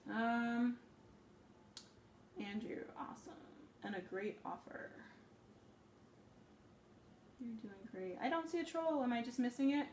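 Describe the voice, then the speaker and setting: A woman's voice: a little high, moderate pace, a little hiss or hum. A woman in her thirties hosting a live cooking demonstration from her home kitchen. She talks in a chatty, rambling way, often correcting herself mid-sentence, and her voice sounds slightly worn.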